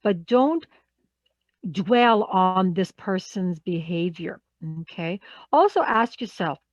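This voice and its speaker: A woman's voice: medium pitch, lively intonation, slow, dry recording, highs cut off. A woman leading a live workshop as a coach, talking conversationally and often checking in with the group.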